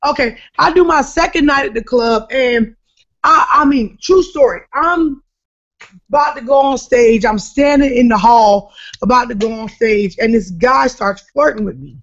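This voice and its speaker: A woman comedian from New Jersey, telling an animated, emphatic story as a podcast guest. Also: fairly high pitch, moderate pace. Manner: animated, emphatic storyteller who shouts at the punchlines. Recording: dull lo-fi podcast recording.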